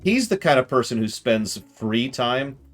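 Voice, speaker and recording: A man's voice: mid-range voice, unhurried, soft background music. A man streaming a game, chatting casually and joking with his viewers. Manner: chatty, jokey, animated.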